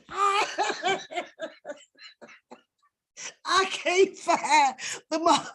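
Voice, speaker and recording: A woman's voice: extremely high pitch, bright, forceful tone. A woman streamer telling a comic story in casual chat, laughing often and swearing freely. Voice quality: laughing, profane, drawn-out.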